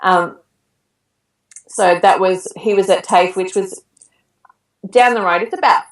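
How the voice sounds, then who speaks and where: A woman's voice: mid-range voice, a little slow, recorded from a distance. Woman telling her story in a roomy echo. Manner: chatty, laughs while telling a frightening story. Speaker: podcast guest. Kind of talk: personal story in an interview. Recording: roomy echo, set back from the mic.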